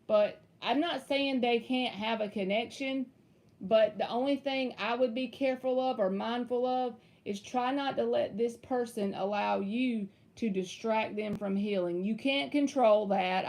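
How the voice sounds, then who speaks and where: A woman's voice: mid-range voice, vocal fry, darkish tone. A woman in her thirties doing a casual live tarot reading, talking through the cards and chatting with viewers. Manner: casual, laughs easily, chats with viewers. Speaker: tarot reader.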